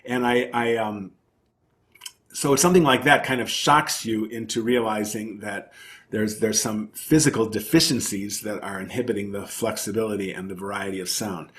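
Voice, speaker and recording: His voice is fairly low and steady, moving at a moderate pace. As an interview guest, the principal oboist and oboe professor reflects thoughtfully on his work in a conversational exchange, using emphatic repetition.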